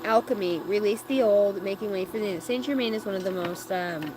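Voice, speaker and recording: A woman's voice: mid-range voice, brisk, background noise. A woman doing a live-stream oracle card reading, chatting playfully and joking with her viewers.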